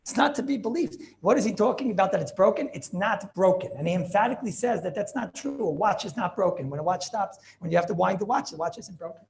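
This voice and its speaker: A man giving an informal Torah class as a rabbi, animated and repetitive, mixing in Yiddish and Hebrew terms. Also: high voice, quick pace, creaky, few pauses. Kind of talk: informal Talmudic lecture.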